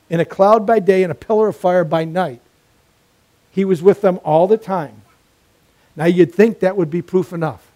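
A man delivers a sermon with emphatic, repeated phrases and a storyteller's ease. His voice is mellow and warm, sitting a bit high for a man. He builds his points through steady repetition. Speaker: preacher.

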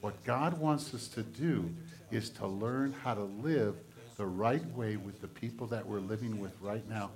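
A man, a pastor, giving a children's sermon in a church, speaking in a gentle, animated way to kids. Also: lowish voice, measured pace. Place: church sanctuary.

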